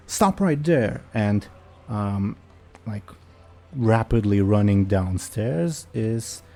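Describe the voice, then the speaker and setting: A man's voice: fairly low pitch, creaky, dark tone. A man running a tabletop game as game master, hesitant and full of fillers.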